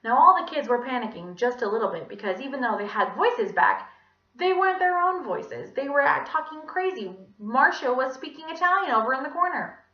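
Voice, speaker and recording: A young woman telling a children's story aloud with an expressive, animated delivery. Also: sits high, a little fast. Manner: expressive, animated, dramatic sound effects. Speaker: student storyteller. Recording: echoey room, dull lo-fi sound.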